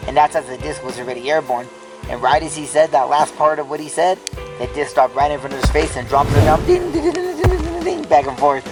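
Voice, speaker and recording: A man's voice: medium pitch, steady tone, fast, music in the background, poor audio. A man casually telling a ghost story, rambling with lots of filler words and restarts.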